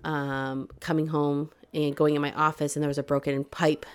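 A woman's voice: sits low, level tone, moderate pace, clear, resonant tone. A middle-aged woman co-hosting a casual podcast chat, telling long stories and laughing often. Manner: chatty storyteller, laughs often. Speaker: podcast co-host.

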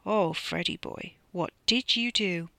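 A sneering, suspicious young man demands answers with quiet menace, as an author reading an audiobook voices him. The voice is forceful and bright, dry and close to the mic. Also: medium pitch, takes it slowly, creaky, dry recording, exaggerated voice. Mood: menacing.

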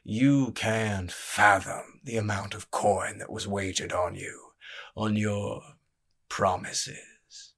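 A spindly crime boss, as a male narrator puts him on, speaking with slow, soft, measured menace. His voice sits fairly low and never rises to a shout. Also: steady tone, full character voice. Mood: cold menace. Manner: soft, slow, quietly threatening.

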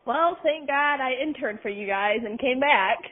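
A woman's voice: sits high, expressive, normal speed. Young woman, tinny phone-like line. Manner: laughing, playful, teasing. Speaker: podcast co-host. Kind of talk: casual storytelling chat.

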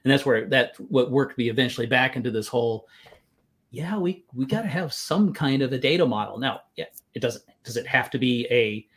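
A man's voice: mid-range voice, lively intonation, a little fast. A man talking about data modeling in a podcast conversation, wry and explaining things through everyday examples. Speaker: data modeling guest speaker.

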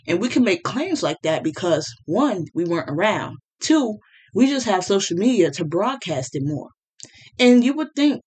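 A woman's voice: medium pitch, darkish tone, husky. A woman talking straight into the mic as a solo podcast host, in an unscripted, casual monologue. Her delivery is blunt and heated, sprinkled with swearing and fillers like "um" and "like.".

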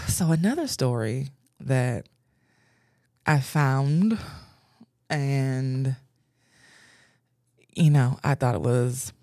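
A woman's voice: rumbling low, animated, very slow, pauses often, dark tone, dry recording, clean studio sound. A woman podcast host frankly commenting on a news story she reads out, laughing often.

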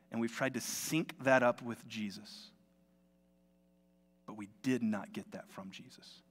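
Pastor preaching in a reverberant hall. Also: male voice, medium pitch. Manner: conversational storytelling preacher. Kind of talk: sermon. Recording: long reverb of a large hall.

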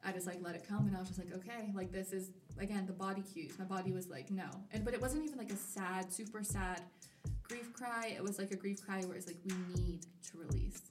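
She's a twenty-something college student on a podcast, casually and candidly recounting her story and animatedly voicing her own quoted thoughts. Medium in pitch, she talks fast. Soft music plays in the background, and the mic is roomy and slightly distant.

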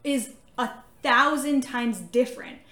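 A woman with a fairly high voice tells a story in loose, chatty podcast talk, piling up fillers as she goes. The room around her is echoey and reverberant. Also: measured pace. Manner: animated storytelling with many fillers. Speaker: podcast co-host. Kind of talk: casual faith-talk podcast chat.

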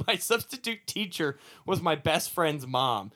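A man's voice: a little high, slow. A young man casually telling a comedic childhood story, laughing often and acting out the voices in it. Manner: animated, laughing, acts out voices in his story.

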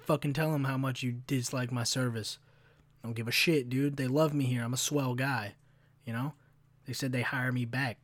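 A young man in his 20s with a mid-range voice hosts a podcast, rambling through stories solo. He's chatty, profane and animated, filling his speech with "like", and the recording is dry and close.

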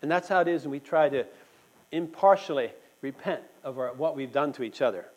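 In a rough recording, a man with a fairly high, darkish-toned voice speaks briskly during a church meeting sermon. He has just had a tooth pulled, yet stays earnest and conversational, talking straight to his listeners and asking them questions.

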